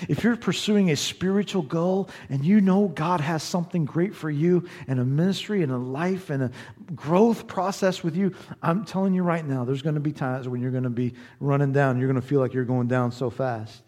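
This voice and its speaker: A man's voice: fairly high pitch, brisk, darkish tone. Earnest encouraging male pastor preaching. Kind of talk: sermon.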